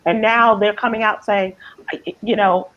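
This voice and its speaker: Halting woman hosting a news chat. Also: medium pitch, steady tone, muffled recording. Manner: thoughtful, halting with many fillers. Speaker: host. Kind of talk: casual news discussion.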